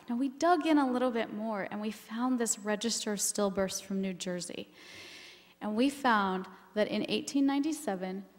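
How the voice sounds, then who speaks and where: A woman's voice: mid-range voice, big-room sound. A woman giving a keynote talk on family history, earnest and emotional, with many ums as she goes.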